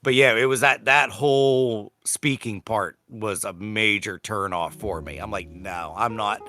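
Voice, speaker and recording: A man's voice: on the low side, measured pace. A man, co-hosting a casual podcast chat and telling stories that act out the quotes. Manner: animated storyteller, acts out quotes loudly. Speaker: podcast co-host.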